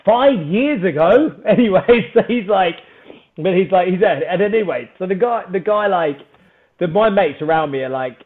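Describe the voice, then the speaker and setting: A man, a podcast guest, telling a story in a casual, animated, self-mocking way and laughing often. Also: high voice, a little fast. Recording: phone-like narrow band.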